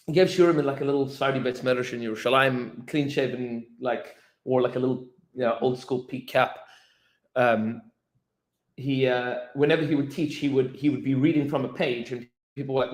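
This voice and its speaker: Animated rabbi telling stories in an echoey room. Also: male voice, medium pitch. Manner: animated storyteller, many fillers and restarts, acts out quotes. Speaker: rabbi teaching a class. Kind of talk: informal Torah lesson with storytelling.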